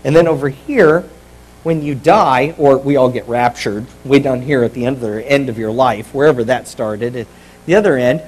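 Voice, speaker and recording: A man's voice: mid-range voice, moderate pace, a little mellow, husky, poor audio. A middle-aged man preaching a sermon as pastor, in a conversational, jokey way.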